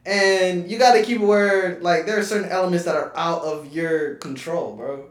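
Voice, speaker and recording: A man's voice: high-pitched, moderate pace. A young man hosting a podcast in casual chat, blunt and emphatic. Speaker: podcast host. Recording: echoey room.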